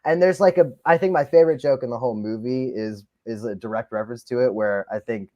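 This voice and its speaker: A man co-hosting a casual film review podcast, excitable and quick to laugh. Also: medium pitch, dry recording, highs cut off. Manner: excitable, breaks into laughter and impressions.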